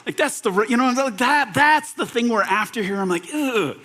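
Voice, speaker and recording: A young man preaching a conversational sermon, animated and relaxed, slipping into quoted voices and laughing now and then. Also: extremely high pitch, brisk. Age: young adult. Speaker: pastor.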